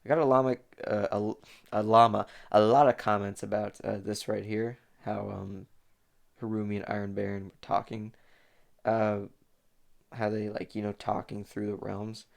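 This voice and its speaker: A man's voice: on the low side, level tone, normal speed, vocal fry. A young man giving a casual, rambling commentary on his own fan animation, full of fillers and restarts.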